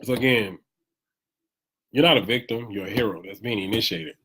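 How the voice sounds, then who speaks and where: A man talking casually in a preachy, animated motivational monologue, live from home, repeating phrases for emphasis. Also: fairly low pitch, moderate pace, slightly rough.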